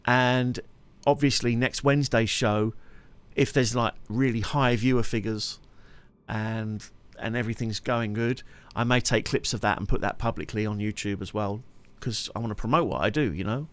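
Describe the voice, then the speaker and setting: This man's smooth voice sits on the low side and moves at a moderate pace. A streamer and musician, he chats casually on his live stream, rambling along and laughing frequently.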